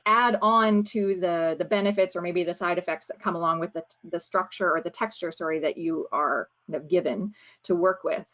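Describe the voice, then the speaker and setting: Woman soil specialist, webinar, explanatory with fillers, muffled lo-fi call audio, mid pitch. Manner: explanatory, many fillers and self-corrections. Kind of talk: webinar presentation. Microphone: video call.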